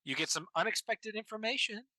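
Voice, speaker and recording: A man running a tabletop game as game master, narrating in a halting way with many ums and restarts. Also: sits high, animated, pushed and bright, no echo, low-quality recording.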